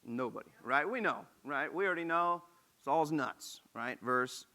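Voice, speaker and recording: Bright-voiced man preaching a casual sermon. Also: on the high side, expressive, a little slow. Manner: joking asides between scripture reading. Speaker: pastor.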